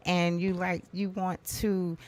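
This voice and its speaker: A woman's voice: fairly low pitch, level tone, takes it slowly, darkish tone. A woman co-hosting a live talk show, assertive and upbeat, answering in call-and-response fashion. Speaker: co-host, coach.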